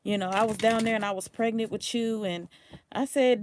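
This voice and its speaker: A woman's voice: a little high, moderate pace, a little hiss or hum. A woman from Louisiana with a Louisiana accent and a touch of New Orleans, a tarot reader chatting casually and rambling on a livestream, blunt and sweary. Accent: Louisiana, with some New Orleans.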